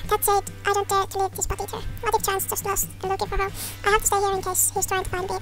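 A woman reading an anxious shepherd's game lines aloud in a squeaky put-on voice, with game music under her. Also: monotone, quick pace. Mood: worried. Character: anxious shepherd missing a lamb.

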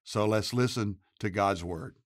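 A male pastor hosting the show, giving a steady, earnest and reverent scripted introduction. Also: lowish voice, unhurried, dry recording, clean studio sound. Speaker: pastor and host.

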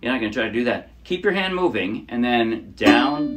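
A man of middle pitch gives a relaxed, conversational ukulele lesson, explaining strums and counting the beat out loud. His own ukulele plays loudly underneath the whole time. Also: normal speed, few pauses, loud music behind the voice. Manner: chatty, counts beats aloud while playing. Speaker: ukulele teacher. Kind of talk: casual instructional talk. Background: loud ukulele playing.

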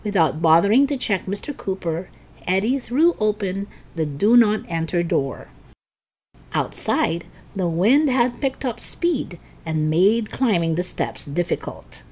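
A woman storyteller reading a children's chapter book aloud in an expressive, dramatic way. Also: fairly low pitch, measured pace, breathy edge.

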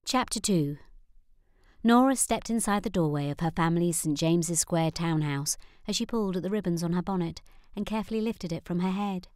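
A woman narrating an audiobook in a measured, even manner. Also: on the low side, no echo. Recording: dry close studio sound.

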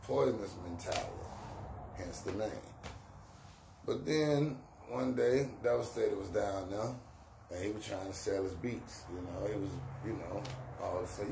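Gravelly laid-back man telling stories. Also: medium pitch, lively intonation, normal speed, warm tone. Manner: laid-back street slang, acts out quoted voices. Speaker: rapper telling his career story. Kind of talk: casual storytelling. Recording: echoey room with faint ambient noise.

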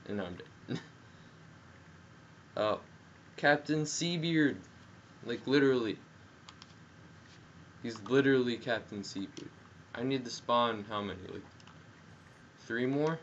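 A young man giving casual, jokey commentary while playing a game, yelling at the action and talking through a headset mic. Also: mid-range voice, slow, long pauses. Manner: excitable, jokey, yells at the game. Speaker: gameplay commentator. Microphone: gaming headset. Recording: dull headset audio with faint noise.

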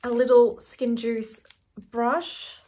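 A woman's voice: a little high, little pitch movement, takes it slowly, warm tone. A woman in her forties with an Australian accent, chatting to camera in an effusive, giggly way. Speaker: vlogger. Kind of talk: casual chat to camera.

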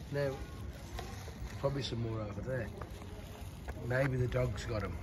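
Unhurried and given to long pauses, this medium-pitched man rambles through a nighttime walking travel vlog shot on a handheld camera, often restarting his chatty stories. Street noise and barking dogs fill the noisy outdoor audio.

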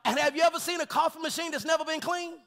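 A pastor preaching in a church, his voice sitting unusually high for a man with a bright, forceful edge. He jokes in a folksy way, then swells into shouted, drawn-out scripture and calls to his congregation. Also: fairly even intonation, creaky. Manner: preaching with call-and-response, rising to shouts; folksy, joking asides with laughter. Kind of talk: sermon. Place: church sanctuary.

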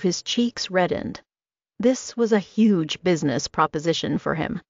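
A woman's voice: on the low side, lively intonation, a little slow, no room sound. A woman narrating a first-person romance audiobook in a wry, confiding manner. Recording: dull lo-fi recording.

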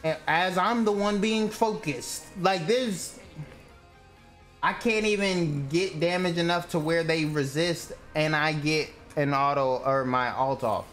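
A man's voice: on the high side, measured pace, a bit bright, soft background music. A young man streaming a game live, ranting at his teammates in an irritated, profane way. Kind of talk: live gameplay commentary.

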